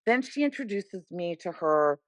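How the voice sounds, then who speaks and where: A middle-aged woman tells a story on a podcast, excited and acting out the people she quotes. Her voice sits a little low. The recording is close and dry, with no room sound. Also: unhurried, no room sound. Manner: animated, acts out quoted voices. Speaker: podcast guest. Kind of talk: casual storytelling chat.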